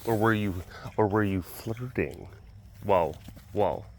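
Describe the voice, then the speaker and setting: A man with a lowish, darkish voice speaks slowly as he hosts a relaxed walk-around vlog at a rural animal facility outdoors. As the animal keeper, he rambles playfully and talks to the animals.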